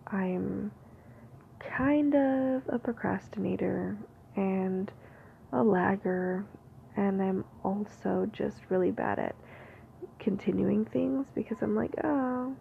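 Whispered ASMR talk: woman, very gravelly fry, rambling unscripted musing, tinny phone-like audio with faint hiss. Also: medium pitch, slow. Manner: unscripted, free-flowing musing.

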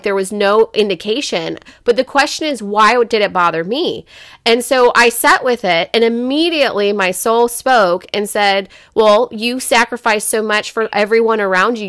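A woman's voice: medium pitch, fairly bright tone, dry recording, studio quality. A woman who is a mother, telling a personal story in a frank, casual podcast conversation, swearing freely and leaning on "like" and "you know". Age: adult parent. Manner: frank, profane storytelling with filler words.

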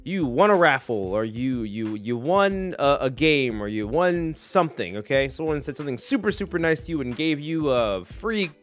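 A man around thirty hosting a solo podcast, rambling in a jokey, animated way. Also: mid-range voice, normal speed, few pauses, faint music behind. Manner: rambling, animated, jokey, slips into silly voices. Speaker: podcast host.

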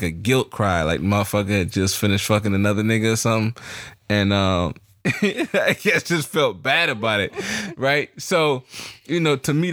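A man's voice: on the low side, no room sound. A young man tells stories with a voice that swoops up and down through every line. He swears freely and talks loosely, like a co-host riffing. The sound is close and dry, with no room around it. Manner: animated storyteller, swears freely. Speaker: podcast co-host. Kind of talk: candid casual chat.

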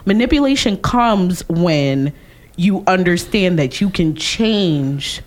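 A woman's voice: lowish voice, lively intonation, slow pace. A woman in casual podcast chat, passionate and argumentative, swearing freely. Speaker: podcast co-host.

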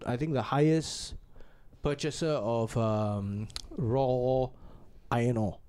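A man's voice: medium pitch, slow pace, warm tone, clean tone. A man co-hosting a podcast, talking bluntly with plenty of swearing. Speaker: podcast co-host. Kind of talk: casual chat.

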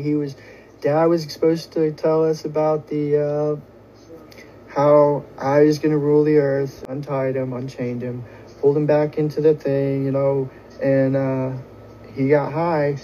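Man, profane rambling storyteller, casual, slightly high voice, mellow dark tone. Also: flat delivery, a little slow, muffled recording, a little hiss or hum. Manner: crude, profane, casual, full of "you know". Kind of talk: rambling first-person comic monologue.

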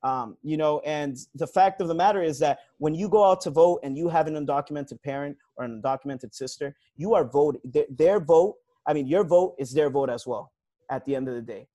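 A man hosting a casual talk about civic issues, earnest and filling pauses with "um" and "you know". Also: a little high, warm tone, no echo.

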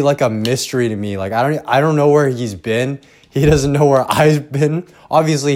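A young man with a mid-range, darkish voice runs a solo podcast from his home recording setup, wearing headphones. He rambles in a casual, profane way, with self-deprecating asides and sentences that trail off.

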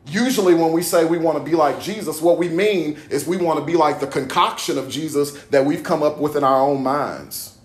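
A man's voice: on the high side, a little fast, few pauses. Blunt, plainspoken male preacher. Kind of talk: sermon with scripture reading. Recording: echoey room.

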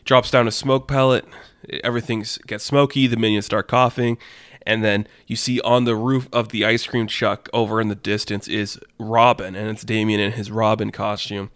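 A man's voice: lowish voice, level tone, normal speed, fairly bright tone, no room sound, clean studio sound. Rambling man spinning a casual story. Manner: rambling, filler-heavy, laughs at his own jokes.

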